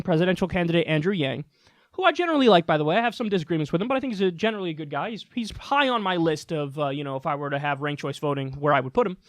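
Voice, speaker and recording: A man's voice: high-pitched, a bit bright, no echo, clean studio sound. A man giving a heated, sarcastic political commentary rant, swearing freely. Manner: fired-up, sarcastic, profane.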